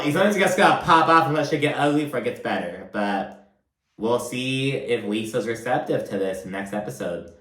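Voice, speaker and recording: A man's voice: medium pitch, a bit bright. A man hosting a casual reality TV recap, chatty and profane, quoting people in exaggerated voices. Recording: roomy echo.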